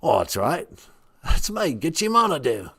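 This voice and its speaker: A man's voice: big pitch swings, measured pace, fairly bright tone, slightly rough, exaggerated voice. Man putting on a jolly British-sounding creator spirit. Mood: fatherly. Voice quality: high put-on voice with British-sounding lilt. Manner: affectionate, calls the host "lad" and "son". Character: jovial male creator spirit, fatherly, folksy British-sounding.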